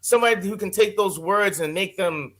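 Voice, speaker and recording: A man, a voice-actor guest, chatting in an interview, expressive and rambling, with many restarts. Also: high-pitched, a little fast. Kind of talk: casual interview chat.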